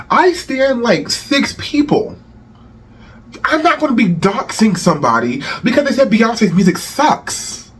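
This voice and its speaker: A man's voice: high voice, breathy edge. A man hosting a rant channel, delivering heated celebrity commentary with profanity and repeated phrases.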